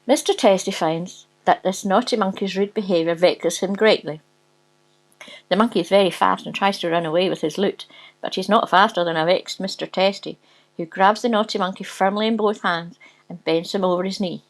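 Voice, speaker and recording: A woman with a medium-pitched voice reads a rude comic story aloud at a moderate pace on a low-quality recording. She giggles often, breaking into laughter as she reads.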